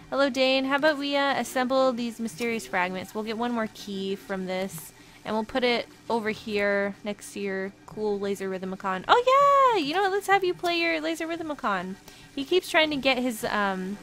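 A woman's voice: a little high, a bit bright. A woman narrating her video game play in a bubbly, giggly way, reading the on-screen text aloud. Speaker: let's play host. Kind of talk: casual gameplay commentary.

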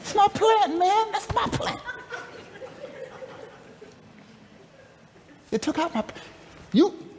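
A man voicing a petulant, self-pitying grown man who complains loudly to God. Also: very high voice, very animated, moderate pace, crowd noise, voice pushed up. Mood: indignant. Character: whining, sulking grown man prophet Jonah. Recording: long reverb of a large hall.

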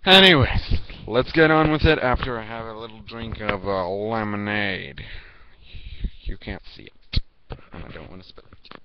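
Teen guy rambling at the camera, lots of uh and um, lowish voice, dull lo-fi sound. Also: crowd noise. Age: teens. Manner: rambling, halting, many fillers and restarts. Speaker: video reviewer. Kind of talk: casual vlog talk to camera. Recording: dull lo-fi home recording.

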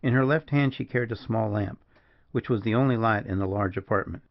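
A man reading a classic western novel aloud in a measured storytelling narration. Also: on the low side, muffled recording. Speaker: audiobook narrator. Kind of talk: scripted narration.

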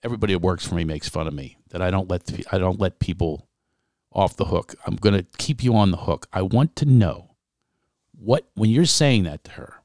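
A man's voice: sits low, brisk, darkish tone, slight background noise. A man hosting a podcast, pressing his guest with repeated, probing questions. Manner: insistent, repeats himself, keeps pressing the guest. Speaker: podcast host.

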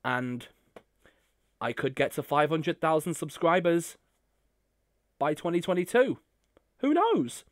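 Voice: mid-range voice, animated, slow, pauses often, dry recording. A YouTuber talking casually to camera, gushing and effusive with thanks. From United Kingdom. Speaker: YouTuber opening fan mail. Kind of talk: casual vlog talk to camera.

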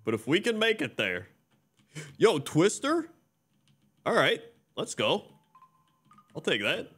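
A man's voice: fairly high pitch, big pitch swings, slow pace, fairly bright tone, husky, faint music behind. A male streamer giving laid-back, wry live commentary on his own game play.

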